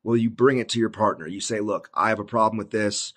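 A man's voice: fairly low pitch, fairly even intonation, husky. A man talking through a book of the Bible in a casual, laid-back way, full of "like" and "basically". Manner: slows down when reading old scripture aloud. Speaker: Bible commentator. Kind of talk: casual Bible study talk.

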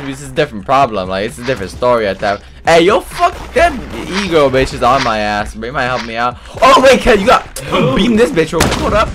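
A man giving loud, profane, excitable commentary while playing a game online. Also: mid-range voice, fast talker, few pauses, noisy background. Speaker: gaming video creator. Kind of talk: gameplay commentary. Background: game music and gunfire.

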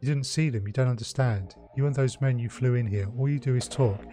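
Haunted young elf woman in a video game, bitter and frightened, read by a man in his own low voice. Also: a little fast, warm tone, soft background music, close to an everyday voice.

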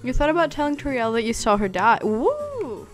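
A young woman giving excited, chatty commentary while streaming a video game for the first time. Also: sits high, normal speed. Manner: excitable, exclaims and laughs a lot. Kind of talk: casual live gameplay commentary. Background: faint game music.

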